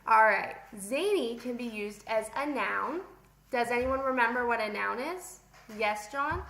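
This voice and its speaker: A young woman leads a playful vocabulary lesson, chatting with a class only she can see. Her voice sits high and bright, and she takes her words slowly and deliberately. The sound rings in an echoey classroom. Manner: playful, animated, talks to pretend students. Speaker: teacher.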